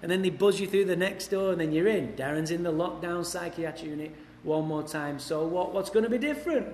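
A man's voice: high-pitched, a little fast, darkish tone, a little hiss or hum. An Englishman speaking to a recovery meeting, telling his story bluntly with swearing and wry humor. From England. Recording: echoey hall, faint ambience.

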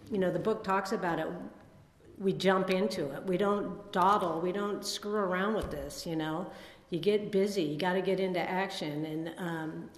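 A woman in her sixties giving a rambling, self-deprecating personal recovery testimony at a meeting, full of fillers and restarts. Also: fairly low pitch. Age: 60s. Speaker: speaker sharing at a recovery meeting. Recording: echoey hall with long reverb.

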